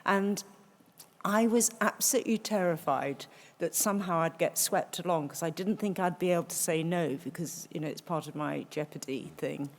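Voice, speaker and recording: A woman's voice: lowish voice, normal speed. A British woman on a live panel, telling her story candidly and with energy. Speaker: panel guest. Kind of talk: panel discussion on stage.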